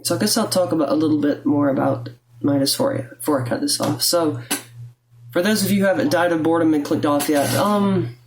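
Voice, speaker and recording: A woman's voice: sits low, brisk, a little mellow, a little hiss or hum. A young adult woman, vlogging at home in a blunt, profane, rambling way, her throat rattly with phlegm. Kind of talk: casual confessional talk to camera. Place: at home, indoors.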